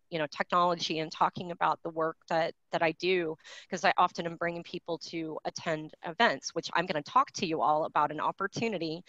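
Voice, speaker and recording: A woman's voice: lowish voice, a bit bright, no room sound. A woman in her forties giving a virtual graduation address, talking candidly and conversationally with many fillers and restarts, heard over a video call. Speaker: keynote speaker. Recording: dry, dull lo-fi video call audio.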